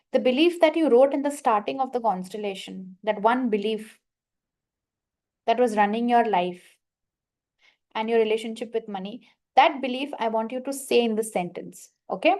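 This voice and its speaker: A woman coach leading a guided money affirmation exercise, slowly repeating statements and giving prompts to her listeners. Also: fairly high pitch, darkish tone. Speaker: manifestation coach leading a workshop.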